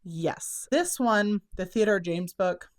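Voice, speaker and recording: A young woman with a drawl, a self-published children's book author who hosts a channel, chats casually to the camera. She is upbeat and chatty but a little out of breath, her words running together with "kind of" and "like." Her voice is mid-range and slow.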